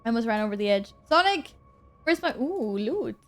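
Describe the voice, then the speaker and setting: Bubbly high-voiced woman streaming a game. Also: big pitch swings, normal speed, soft background music. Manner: bubbly, giggly, talks to chat. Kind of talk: casual live-stream chat.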